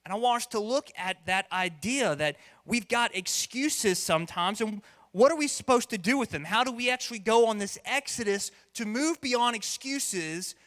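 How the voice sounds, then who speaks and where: A man's voice: high-pitched, a bit bright, big-room sound. A man preaching a sermon as pastor, conversational and playful, now and then acting out voices. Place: church hall.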